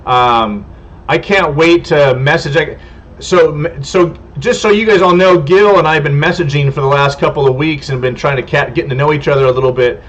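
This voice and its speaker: A man's voice: on the high side, fairly quick. A man from California hosting a casual homestead livestream, chatting with viewers in a rambling, friendly way that stumbles over names. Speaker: homestead channel host. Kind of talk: casual livestream chat, reading viewer comments. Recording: dull lo-fi stream audio.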